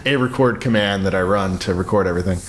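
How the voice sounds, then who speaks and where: A man co-hosting a podcast, chatting casually and quickly with many restarts. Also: deep voice, a little hiss or hum. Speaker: podcast co-host. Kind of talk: casual chat.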